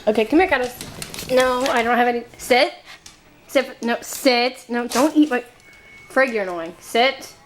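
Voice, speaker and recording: A woman's voice: measured pace, soft background music. A young woman filming a casual home video of her dog, giggling, cooing and scolding him. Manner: giggly, scolds and coos at her dog, goes shrill when excited. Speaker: dog owner vlogger. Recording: noisy home camera recording.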